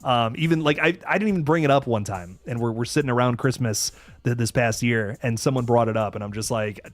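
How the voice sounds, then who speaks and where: A man's voice: medium pitch, brisk, no room sound. Exasperated young man, dry close mic. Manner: exasperated, rambling, stammering restarts, swears. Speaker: host of a live movie review stream. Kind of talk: casual live-stream review, reading donations.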